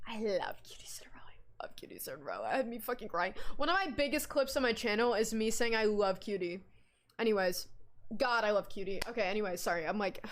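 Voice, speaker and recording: Young woman, livestreamer, somewhat high voice, rambling casual chat, excitable, giggly, swears, home stream setup. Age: young adult.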